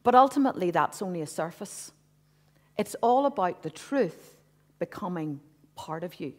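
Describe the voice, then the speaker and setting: A woman's voice: on the low side, animated, moderate pace. A woman in her fifties sharing a personal testimony with a church congregation, earnest and conversational, with frequent asides. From Northern Ireland. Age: 50s. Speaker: church speaker. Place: church hall.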